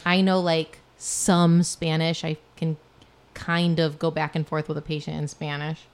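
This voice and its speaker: A woman's voice: sits low, flat delivery, measured pace, clear, resonant tone. A woman co-hosting a casual chat, talking with chatty enthusiasm. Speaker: podcast co-host.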